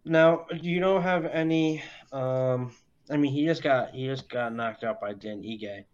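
A man co-hosting a fight podcast, talking slowly and haltingly, with ums and uhs filling his pauses. His audio is dull and lo-fi, as if from a cheap mic. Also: medium pitch. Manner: slow, halting, lots of fillers. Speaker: podcast co-host. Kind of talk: casual chat.

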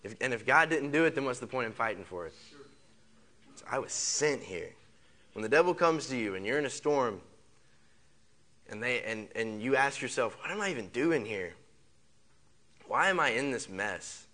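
With a fairly low pitch and an expressive, bright, forceful tone, a pastor preaches at normal speed. He repeats phrases, heaps up rhetorical questions and leads his congregation in call-and-response, prompting them to say lines back.

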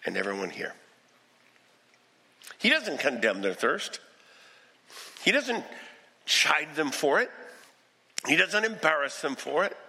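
Animated preacher in an echoing hall. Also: male voice, a little high, vocal fry, husky. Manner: animated preaching, acts out quoted voices. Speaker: pastor. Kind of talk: sermon.

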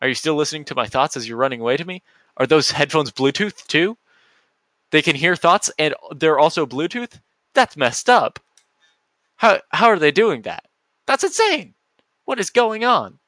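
A man's voice: fairly high pitch, expressive, normal speed, sharp tone, dry recording. A man hosting a solo podcast, rambling goofily and often cutting himself off mid-sentence. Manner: goofy, rambling, self-interrupting. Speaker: podcast host.

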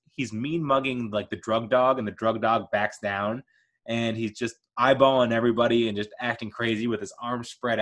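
A man's voice: mid-range voice, fairly bright tone. A man hosting a podcast, giving an enthusiastic, casual film rant with frequent laughter and playful mock voices. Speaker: podcast host reviewing a film.

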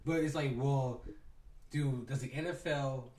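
A man's voice: mid-range voice, steady tone, a little slow, darkish tone, reverberant. A man talking bluntly and with slang in casual podcast chat, a bit distant from the mic. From California.

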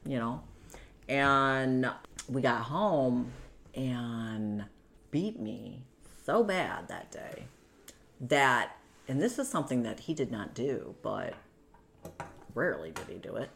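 A woman's voice: rumbling low, lively intonation, slow, vocal fry, fairly bright tone. A woman telling her own story in an interview, in a conversational way, acting out what others said.

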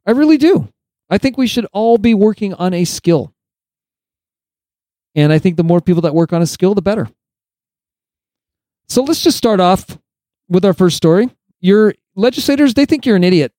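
A man's voice: high voice, animated, moderate pace, long pauses, dark tone, no echo. A male podcast host delivering opinionated solo commentary, sarcastic and emphatic, lecturing his listeners.

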